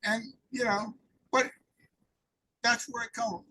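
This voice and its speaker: A man's voice: extremely high pitch, little pitch movement, slow pace, sharp tone, slight background noise, poor audio. A man in an interview, telling rambling personal recovery stories and acting out the dialogue. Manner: rambling anecdotal storyteller, acts out dialogue. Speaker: interview guest.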